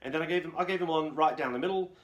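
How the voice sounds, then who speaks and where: A man's voice: fairly high pitch, rapid-fire. Rambling man giving voice-acting advice. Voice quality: plain everyday nerdy male voice. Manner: rambling and candid, with frequent restarts. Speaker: voice actor hosting a live Q&A. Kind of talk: casual advice chat.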